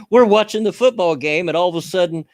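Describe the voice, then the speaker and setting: A man's voice: high voice, fairly quick, no echo, studio quality. A man with a Southern US accent hosting a casual chat stream, rambling about games and chuckling often.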